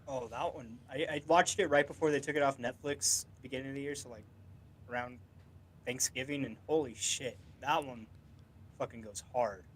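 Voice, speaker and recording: Man, podcast co-host, casual chat, laid-back, profane, middle pitch. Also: steady tone, normal speed, a little hiss or hum.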